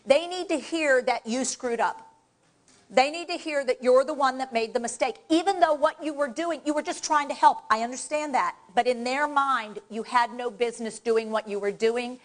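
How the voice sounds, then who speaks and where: At a live workshop, a female dementia care trainer coaches the audience through exercises, direct and energetic. Speaking from the front of a presentation space, she addresses the room in a fairly high voice.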